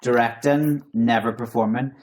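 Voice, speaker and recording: A man co-hosting a podcast, chatting casually with quick, joking banter. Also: mid-range voice, steady tone. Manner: playful, bursts into snatches of song. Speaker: podcast co-host. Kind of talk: casual chat.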